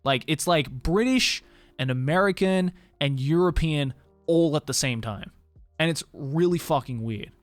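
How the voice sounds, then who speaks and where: A young man with an Australian accent mixed with other international influences chats casually with viewers on a live stream, laughing often and swearing freely. His voice is a little high and expressive, his pace measured. Soft music plays in the background, with no room sound.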